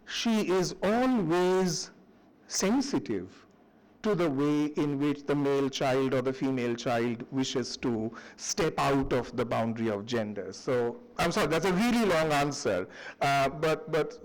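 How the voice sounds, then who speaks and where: A middle-aged man, giving a university lecture in an animated, anecdotal storytelling manner. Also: medium pitch, a little slow, low-quality recording. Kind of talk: public lecture. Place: lecture hall.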